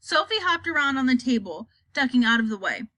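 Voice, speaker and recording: A woman narrating a children's novel in a calm, lowered storytelling voice. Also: a little fast, no echo. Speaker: audiobook reader.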